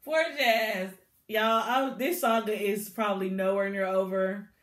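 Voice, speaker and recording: A woman recapping a TV episode in a casual, animated way, laughing and acting out the scenes as she goes. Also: mid-range voice, unhurried, echoey room. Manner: animated, chatty storytelling with bursts of laughter. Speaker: TV show reviewer.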